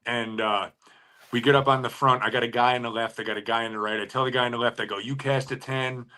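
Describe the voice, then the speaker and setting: A man with a bright, forceful voice tells a story in a relaxed chat. He is animated and lively, and drives the tale along. He speaks at an ordinary pitch. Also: fast. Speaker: fishing guide and co-host.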